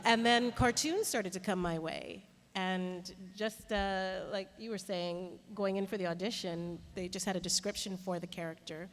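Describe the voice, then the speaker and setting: Lady voice actress chatting on a panel, lively and laughing, big echoey hall. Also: mid-range voice, moderate pace, hardly any pauses. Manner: warm, laughing, animated storytelling. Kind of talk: panel talk. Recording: reverberant convention hall.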